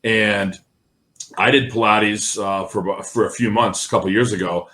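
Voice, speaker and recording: A man's voice: lowish voice, fairly even intonation, normal speed, bright, forceful tone. A man co-hosting a podcast, chatting casually and checking in with "right?" and "you know.". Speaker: podcast co-host.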